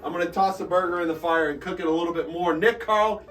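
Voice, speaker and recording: A young man co-hosting a casual sports chat, teasing with dry deadpan quips. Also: high voice, quick pace. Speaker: podcast co-host. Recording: distant mic with faint music.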